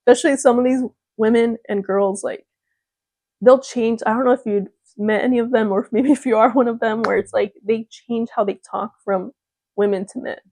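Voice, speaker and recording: A woman's voice: fairly high pitch, steady tone, a little fast, a little mellow, no echo. Chatty, laughing young woman. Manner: chatty, laughs often, mimics gushing voices. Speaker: vlogger. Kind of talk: casual chat to camera.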